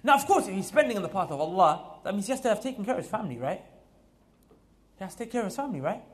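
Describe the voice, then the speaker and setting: Male mosque preacher, high pitch, emphatic and repetitive, builds to loud exhortation. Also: sing-song, very fast. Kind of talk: mosque talk. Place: mosque hall.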